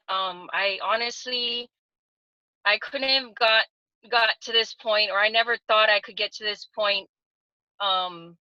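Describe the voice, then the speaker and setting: Speaking at a medium pitch, this Hawaiian woman in her thirties sounds bright and forceful. She gives an earnest, casual testimonial over a video call, stumbling through fillers and restarts, and the lo-fi audio is dull but free of echo.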